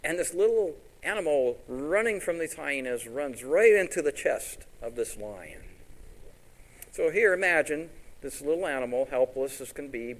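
A man preaching a sermon, telling animated stories and asking his congregation rhetorical questions. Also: a little high, normal speed, low-quality recording.

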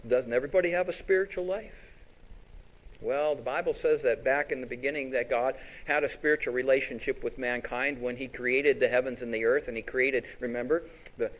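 A man's voice: on the high side, low-quality recording. A man preaching a sermon in a conversational way, asking the congregation questions and paraphrasing scripture. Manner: paraphrases scripture in quoted voices. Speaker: pastor.

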